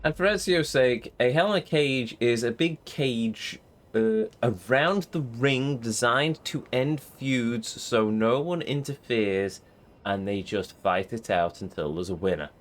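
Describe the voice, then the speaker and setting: A man's voice: medium pitch, expressive, measured pace. A man doing casual, rambling gameplay commentary with wry grumbles. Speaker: let's play host. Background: game music.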